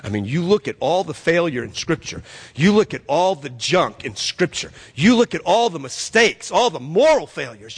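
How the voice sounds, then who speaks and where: A man's voice: a little high, big pitch swings, normal speed, husky. A man preaching a sermon, telling a story and repeating phrases as he builds to emphatic peaks. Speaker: pastor. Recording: long reverb of a hall.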